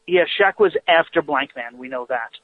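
Calling in from his car, a man co-hosts a radio show, bantering casually and joking. His medium-pitched voice is expressive and moves at a moderate pace, with no room sound, though the phone line is tinny.

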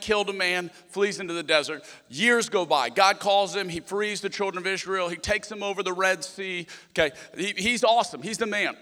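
A young man preaches with animated energy, acting out the voices in his quotes. His voice sits a little high and rings bright and forceful. The sound hangs in a long hall reverb. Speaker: pastor. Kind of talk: sermon.

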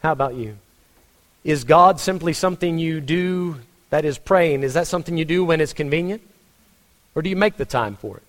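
A man's voice: fairly high pitch, moderate pace, long reverb tail. A man with a Texan accent preaching a sermon as a pastor, conversational, with frequent restarts and rhetorical questions. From Texas.

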